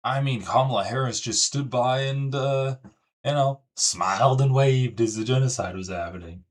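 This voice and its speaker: A man's voice: mid-range voice, moderate pace. A man hosting a live political commentary stream, talking in a sarcastic, mocking way. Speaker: livestream host.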